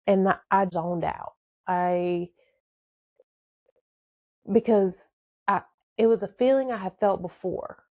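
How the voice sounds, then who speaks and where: A woman's voice: medium pitch, slow, long pauses, a little mellow, no room sound, dull audio. A woman, emotionally and dramatically telling a personal story on her podcast.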